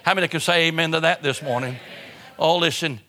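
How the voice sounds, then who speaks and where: Fairly quick and impassioned, a male pastor delivers a sermon before an audience in an auditorium, lurching from quiet, low lines to loud bursts while frequently repeating words and starting phrases over.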